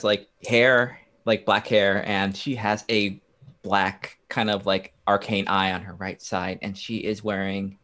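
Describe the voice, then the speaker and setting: A man playing a tabletop game, describing his character haltingly with many fillers. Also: lowish voice, a bit bright. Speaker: player. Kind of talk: casual tabletop play.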